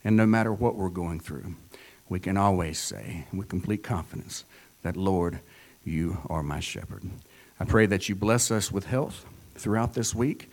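A man leading a closing prayer in a relaxed, informal way with small restarts. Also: sits low, unhurried.

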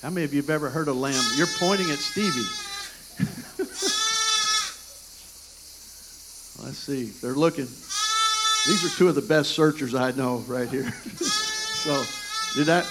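A man's voice: a little high, wildly swooping pitch, slow, pauses often, very noisy. A man preaching a sermon as pastor, telling stories and calling people up front from the congregation. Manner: storytelling, interactive with congregation.

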